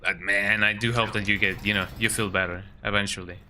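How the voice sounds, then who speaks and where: Bright-voiced male streamer with a cold. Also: on the low side, level tone, brisk, slight background noise. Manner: laid-back chatter, tags lines with "eh?". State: sick with a cold. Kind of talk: casual game commentary.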